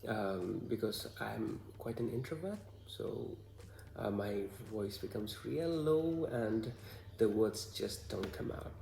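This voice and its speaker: A man with a Bhutanese accent speaks in a low, dark, mellow tone with a gravelly edge. He talks to the camera haltingly and stops often on fillers. The room around him sounds echoey. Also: animated, slight background noise. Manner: hesitant, halting, with many fillers. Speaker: vlogger. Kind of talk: casual talk to camera.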